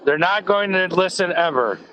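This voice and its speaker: A man's voice: high-pitched, expressive, normal speed, highs cut off, a loud crowd. A man on a live stream group call, joking and rambling with goofy asides.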